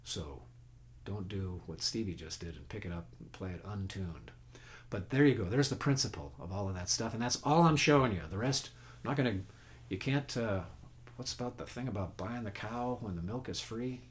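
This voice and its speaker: A man gives a casual guitar lesson on a webcast, folksy and talkative, counting beats and humming along as he plays his own guitar in the background. His lowish voice moves at normal speed, and the home webcast mic adds a little hiss or hum.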